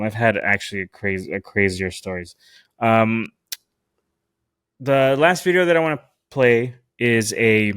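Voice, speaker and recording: A young man hosting a solo podcast, telling a story in a profane, animated way with a lot of swearing. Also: lowish voice, smooth, dry recording, studio quality. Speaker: podcast host.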